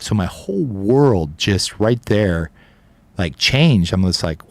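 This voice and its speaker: Speaking unhurriedly in a fairly low, animated voice, a business co-owner on a podcast rambles through a long story. His tone is casual, and a swear word slips in now and then.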